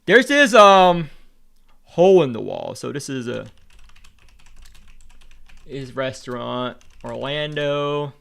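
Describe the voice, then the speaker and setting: A man's voice: a little high, expressive, slow pace, creaky, pauses often, a bit bright, clear, resonant tone. A Vietnamese American man streaming, rambling in casual chat, repeating words and swearing freely as he talks. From United States.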